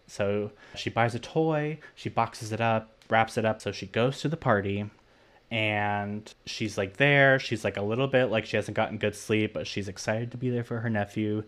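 A man's voice: fairly low pitch, measured pace, fairly bright tone. A young man casually recapping a horror movie plot on a podcast, filling his retelling with "like" and acting out the characters' lines. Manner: retells plot animatedly, heavy use of "like". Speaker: podcast co-host.

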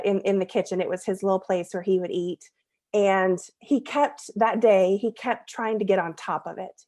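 A woman in her thirties speaking as a podcast guest, at a middle pitch. She tells a family story in an earnest, conversational way and now and then laughs at herself. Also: a little mellow.

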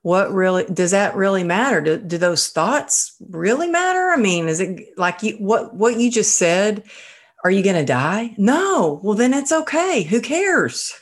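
A woman podcast host in a casual conversation, telling stories about herself in an animated, self-deprecating way. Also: mid-range voice, measured pace.

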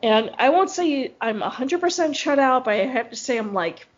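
A woman's voice: sits high, expressive, normal speed. A woman co-hosting a podcast in casual chat, rambling and laughing often. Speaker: podcast co-host. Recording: dull lo-fi recording.

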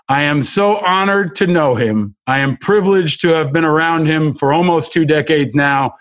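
Male podcast host, a touch high, effusive and halting, lots of restarts. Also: fairly bright tone. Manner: gushing, halting with many restarts. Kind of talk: effusive interview hosting.

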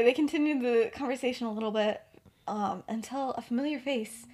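A young woman recounts a story in a loose, chatty podcast style, her voice sitting a little high. She fills her sentences with "like" and "um" and circles back as she talks. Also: a little fast, a little mellow. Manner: chatty, many fillers like "like" and "um". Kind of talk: casual storytelling.

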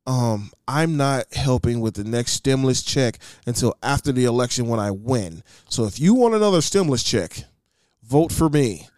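A man's voice: medium pitch, expressive, normal speed, darkish tone, no echo, clean studio sound. A man co-hosting a casual comedy podcast, ranting and mocking the people he quotes. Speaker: podcast co-host.

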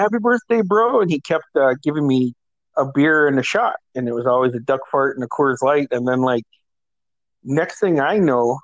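A man's voice: mid-range voice, dry recording, dull audio. A man in his thirties casually telling a profane, laughing story to his sisters. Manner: profane, laughing storyteller who acts out quoted voices. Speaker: older brother telling a story.

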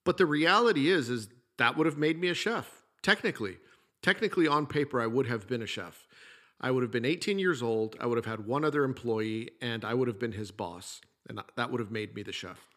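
A man's voice: mid-range voice, animated, fairly quick, a bit bright. A middle-aged man and former chef hosting a podcast, talking through a casual monologue in a plainspoken storytelling way with the odd mild curse.

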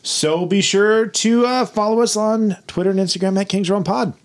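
A man's voice: high voice, normal speed. A man co-hosting a casual podcast, teasing his friends and reading out the show plugs. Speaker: podcast co-host. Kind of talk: casual banter. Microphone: studio mic.

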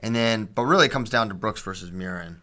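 A man co-hosting a casual sports podcast, reading listener questions and recounting matches with animated detail. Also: fairly low pitch, fast talker. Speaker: podcast co-host.

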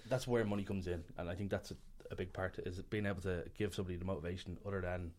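A man's voice: low-pitched, steady tone, fast, a little mellow. A male filmmaker talking casually about his work, rambling, with lots of fillers and restarts. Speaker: filmmaker guest. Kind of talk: casual podcast conversation.

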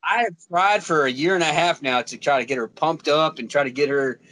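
Guy with a high voice, blunt and sweary, just chatting with friends. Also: fairly quick, sharp tone, no room sound. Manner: blunt, swears, mimics others in quotes. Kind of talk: casual chat.

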